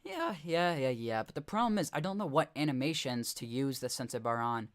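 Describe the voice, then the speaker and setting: A young man talking through game footage on a live stream, chatting loosely with his viewers. He rambles, restarts his sentences and corrects himself, and his pitch sits in an ordinary middle range for a man. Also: sing-song, fairly quick. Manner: rambling, self-correcting, chuckling asides. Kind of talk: casual live-stream commentary.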